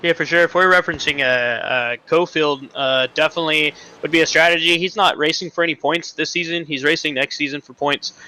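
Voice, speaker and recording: A man giving colour commentary on a sim race, halting and filler-heavy, then rushing through points. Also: a little high, steady tone, pushed and bright, poor audio. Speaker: color commentator. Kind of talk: sim racing analysis. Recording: choppy online call line with faint noise.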